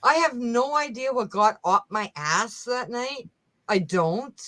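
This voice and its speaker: Brief: woman, unhurried and blunt, swears freely, laughs a lot, casual live chat. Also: a little high, animated, bright, forceful tone, a little hiss or hum, low-quality recording. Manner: blunt, profane, laughs often.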